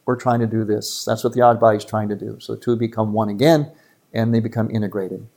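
A man, a priest giving a retreat talk to a live audience in an earnest, emphatic way with quick asides. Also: on the low side, fairly even intonation, darkish tone.

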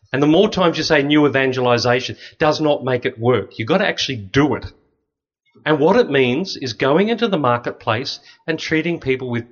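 A middle-aged Australian man, a Catholic priest, giving an anecdotal talk with slides and acting out the voices of people in his stories. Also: mid-range voice. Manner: lively, anecdotal, acts out other people's voices. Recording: dull, slightly lo-fi sound.

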